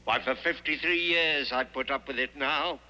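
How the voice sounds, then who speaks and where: A man's voice: mid-range voice, moderate pace, pushed and bright, voice pushed up. An older man voicing a sneering, Christmas-hating green creature in a theatrical, snarling way, from an old cartoon soundtrack. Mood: scheming.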